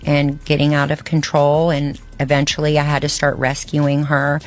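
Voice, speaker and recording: Low-voiced woman recalling events in an interview. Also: completely flat delivery, normal speed, soft background music. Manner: matter-of-fact, then mimicking another woman in a high voice. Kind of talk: interview recollection.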